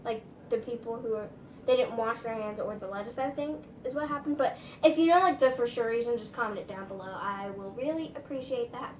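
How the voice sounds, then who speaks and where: A woman's voice: a little high, a little fast, reverberant, recorded from a distance, a little hiss or hum, low-quality recording. A woman vlogger telling a casual storytime, rambling, with lots of "like" and "um". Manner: chatty, rambling, full of "like" and "um".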